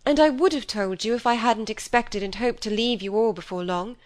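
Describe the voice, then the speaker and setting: A woman's voice: on the high side, fairly quick, pitched above the performer's own voice, natural voice. A woman reading an audiobook, voicing a wilful, proud young woman who talks with bitter passion. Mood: defiant. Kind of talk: audiobook character voice.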